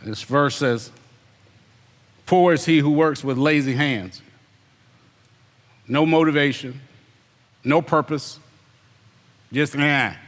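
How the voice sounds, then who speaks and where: A man's voice: on the high side, slow pace, pauses often, big-room sound. A man preaching a sermon as an elder, emphatic and repetitive, firing rhetorical questions at the congregation. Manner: mimics lazy excuses in put-on voices.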